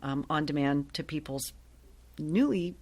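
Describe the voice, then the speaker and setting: Guest voice: woman in her sixties, lowish pitch, chatty and lively storyteller. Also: measured pace. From Ohio. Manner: lively, chatty, laughs often. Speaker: guest, actress and voiceover artist. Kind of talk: casual interview storytelling.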